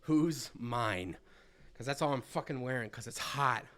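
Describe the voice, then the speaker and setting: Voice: mid-range voice, a little slow, fairly bright tone, echoey room, distant mic. Foul-mouthed streamer muttering asides. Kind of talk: live game playthrough, reading aloud.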